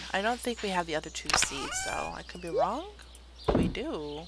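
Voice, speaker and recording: A woman's voice: on the low side, wildly swooping pitch, fairly quick. A woman streamer giving casual gameplay commentary, chatty, thinking aloud and correcting herself as she goes. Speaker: game streamer. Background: loud game music.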